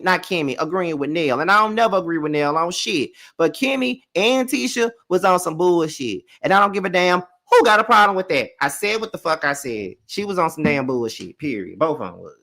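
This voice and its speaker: A man's voice: fairly high pitch, sharp tone. A man hosting a live review of a reality TV episode, ranting heatedly and swearing freely. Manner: profane, heated ranting commentary. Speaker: reality TV recap host.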